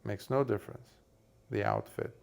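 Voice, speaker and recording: A man who is a Buddhist monk, giving a dharma talk and telling a parable, in an unhurried way with many fillers. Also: lowish voice, wildly swooping pitch, vocal fry, a little mellow.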